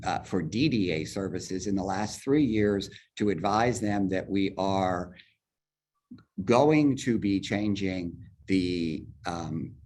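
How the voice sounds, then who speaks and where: A man heading an agency, walking a virtual public forum through budget figures step by step on a video call, talking fast and explaining as he goes. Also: fairly low pitch, a little mellow. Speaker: agency head presenting a budget. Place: virtual meeting, speaking from home or office.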